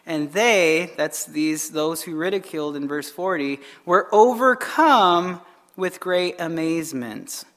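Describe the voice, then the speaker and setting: Pastor reading scripture in a reverberant hall. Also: male voice, on the high side, takes it slowly, a bit bright. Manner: reads scripture aloud, then comments conversationally. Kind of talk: Bible study reading and commentary.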